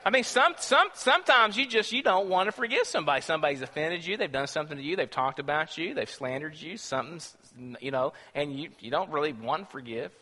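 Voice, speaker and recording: Preacher guy giving a sermon, kinda high pushy voice, big hall echo. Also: lively intonation, fast talker, few pauses, sharp tone. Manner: emphatic, rhetorical questions to the congregation.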